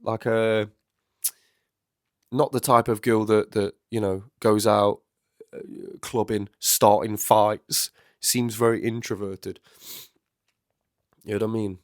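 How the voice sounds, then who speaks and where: A man's voice: lowish voice, level tone, slow, pauses often, no echo, clean studio sound. Congested man reacting to music. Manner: chatty, rambling, self-correcting. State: congested, getting over flu. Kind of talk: casual reaction commentary.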